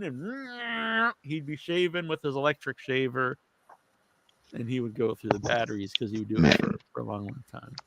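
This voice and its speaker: Animated, high-voiced man telling a story. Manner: animated, rambling, restarts often. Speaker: podcast co-host. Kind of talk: casual storytelling chat.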